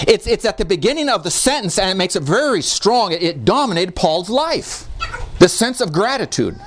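A male pastor preaches with a high, bright-sounding register that leaps up and down expressively. He presses his points with emphatic repetitions, as in a verse-by-verse sermon. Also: very animated, moderate pace. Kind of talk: expository sermon.

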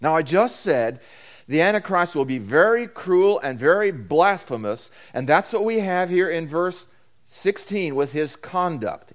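A man preaching a sermon, swinging between loud emphatic declarations and quieter asides, often repeating key phrases. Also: on the high side. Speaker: pastor.

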